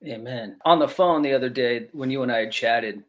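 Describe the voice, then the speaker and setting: A man's voice: mid-range voice, fairly quick, a bit bright. A man hosting a faith podcast, asking questions and affirming his guest in an enthusiastic conversational way. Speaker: podcast host. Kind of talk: interview conversation.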